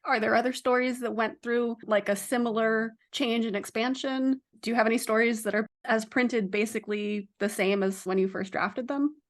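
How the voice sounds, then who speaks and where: A woman's voice: a little high, fairly even intonation, moderate pace, few pauses. A woman hosting a podcast interview, asking curious follow-up questions. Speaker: podcast host. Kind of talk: casual interview chat.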